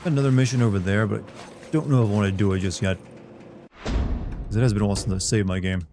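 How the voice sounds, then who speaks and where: A man's voice: on the low side, steady tone, quick pace, music in the background. A man streaming a video game, giving sarcastic, rambling casual commentary. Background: game sounds.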